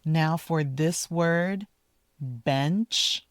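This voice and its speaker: Slow, careful woman teaching pronunciation. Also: low voice, dry recording, studio quality. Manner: deliberate, repeats model words slowly. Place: outdoors in a park, walking with her dog.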